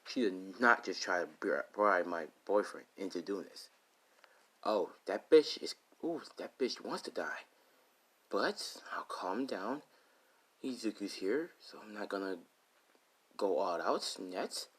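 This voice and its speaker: A man's voice: deep voice, lively intonation, unhurried, a bit bright, full character voice. A man voicing a jealous, possessive teenage girl who turns from sweet talk to snarled insults. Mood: seething. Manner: sugary to his face, snarling insults behind.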